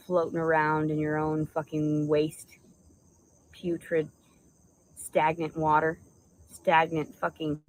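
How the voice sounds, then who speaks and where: Low-voiced woman ranting furiously. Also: slight background noise, poor audio. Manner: furious, insulting, stream-of-consciousness. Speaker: vlogger. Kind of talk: angry profane rant to camera.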